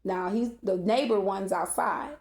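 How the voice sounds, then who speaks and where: A woman's voice: medium pitch, a little slow, a little mellow. A woman telling a personal story in a casual storytime monologue, blunt and profane, often checking in with "okay?". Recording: echoey room.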